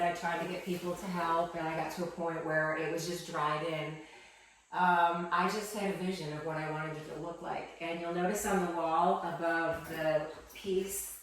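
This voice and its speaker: Softly halting woman in echoey chapel. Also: on the low side, flat delivery. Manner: soft-spoken, halting, with many ums and restarts. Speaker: interviewee. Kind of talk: emotional personal testimony. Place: her small wooden chapel, indoors. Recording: echoey room from some distance.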